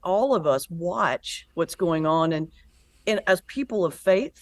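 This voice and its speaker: A woman's voice: fairly low pitch, measured pace. A woman pastor and comedian, a guest in a conversational interview, telling stories and acting out the voices in them. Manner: lively storyteller who acts out quoted voices.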